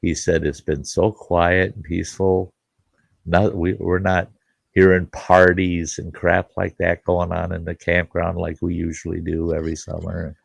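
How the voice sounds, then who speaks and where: A man's voice: sits low, level tone, measured pace, creaky, slightly rough, no room sound. A middle-aged man hosting a casual chat, telling a folksy story and acting out both sides of a conversation, swearing casually. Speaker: campground host and show host.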